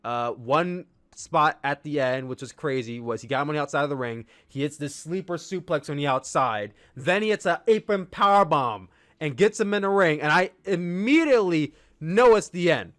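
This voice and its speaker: A man's voice: a little high, expressive, normal speed, a bit bright, no room sound, clean studio sound. A man hosting a podcast, giving an enthusiastic, rambling wrestling review with restarts. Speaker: podcast host.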